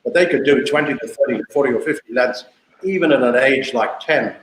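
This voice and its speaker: A man's voice: medium pitch, a little fast, a little hiss or hum. Older interview guest from South Africa, man in his sixties, anecdotal and talkative, recorded in a roomy space. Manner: chatty, anecdotal, repeats himself. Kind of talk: casual storytelling interview. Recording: echoey room.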